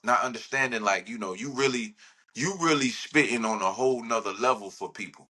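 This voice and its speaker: A man's voice: mid-range voice, fairly quick, sharp tone, breathy edge. A man, a rapper talking in a casual podcast interview, rambling and laid-back. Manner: laid-back, rambling, says "you know what I'm saying" often.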